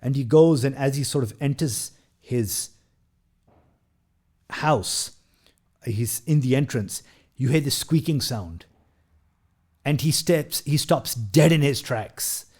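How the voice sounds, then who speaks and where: A man's voice: medium pitch, darkish tone, slightly rough. Rambling male film reviewer. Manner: hesitant, many fillers and restarts, retells scenes with quoted lines. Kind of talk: casual spoken film review.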